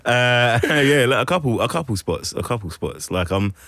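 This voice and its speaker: A man's voice: mid-range voice, sing-song, normal speed, a bit bright, dry recording, clean studio sound. A man with a London accent chatting as a guest actor on a radio show, rambling and slangy with many fillers. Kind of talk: casual radio interview chat. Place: radio studio.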